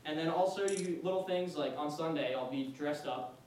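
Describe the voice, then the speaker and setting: Speaking at a moderate pace in a slightly mellow voice, this young adult man gives a relaxed faith talk at a student retreat. He chats easily, laughs a lot and leans on plenty of fillers. Captured from a distance in an echoey room, the audio carries a faint rumble.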